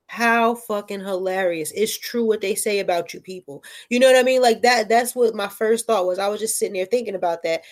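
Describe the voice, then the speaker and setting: A woman telling a story in casual chat, animated and profane, often checking in with "right?". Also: medium pitch, fairly quick, few pauses.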